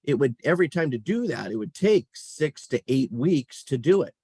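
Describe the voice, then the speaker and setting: A middle-aged man with a husky, slightly breathy voice talks through his career in an easygoing interview. He tells it as animated stories and chuckles as he goes. The recording is close and dry, with no room sound. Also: mid-range voice, normal speed, dry recording. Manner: animated storyteller, chuckles while talking. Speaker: guest, company chief executive. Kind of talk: casual interview conversation.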